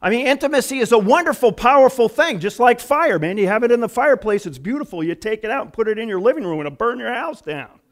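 High, lively-voiced man preaching. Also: fast talker, few pauses. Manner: storytelling, acting out quoted voices. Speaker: pastor. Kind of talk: conversational sermon.

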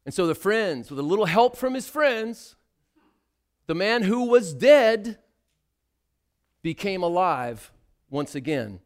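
Man, sermon, high voice, slow unhurried delivery, dramatic, hushed to loud. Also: sing-song. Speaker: preacher.

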